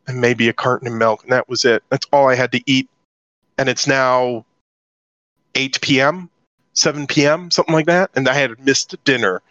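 A man's voice: mid-range voice, fairly bright tone, no room sound. A middle-aged man from southern California, telling his life story as an interview guest and acting out his own past lines. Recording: dull dry lo-fi audio.

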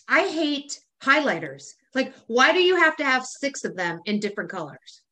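A woman's voice: sits high, very animated, moderate pace, noisy background. A woman co-hosting a podcast in casual chat, ranting with lots of swearing and frequent laughter. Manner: profane, ranting, laughs often. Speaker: podcast co-host.

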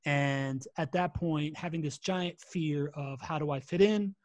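A man in his forties tells his life story as a podcast guest. He is chatty and self-deprecating and repeats words as he goes. His voice sits fairly high and sounds dry and close. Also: measured pace, darkish tone, no echo. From born in Latin America, raised in Miami and Spain. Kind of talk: casual storytelling interview.

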